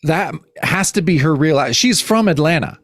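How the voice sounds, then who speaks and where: A man co-hosting a casual film podcast, emphatic and animated, swearing casually. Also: on the high side, moderate pace, no room sound, clean studio sound. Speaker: podcast co-host.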